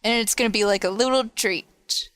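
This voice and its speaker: A woman co-hosting a casual review podcast, making wry, unhurried remarks. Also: a little high, fairly bright tone, smooth, no room sound. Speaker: podcast co-host. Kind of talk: casual anime review chat.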